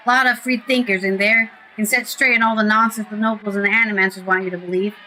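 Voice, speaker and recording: A woman reading a gruff, scornful male townsman agitator in a loose British accent, in a bright voice. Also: medium pitch, steady tone, fast, a little hiss or hum, lightly acted, poor audio. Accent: British attempt.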